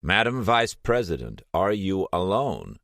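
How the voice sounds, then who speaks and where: Narrator doing a commanding male professor, deep voice, urgent, audiobook. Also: sing-song, measured pace, fairly bright tone, no room sound, studio quality, heavily acted. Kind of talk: audiobook character voice.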